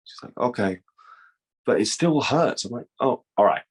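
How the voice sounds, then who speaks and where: A man's voice: mid-range voice, normal speed, breathy edge. A young man telling a long story in casual, profane talk, acting out the voices of people in it. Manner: profane, animated, acts out quoted dialogue. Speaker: guest.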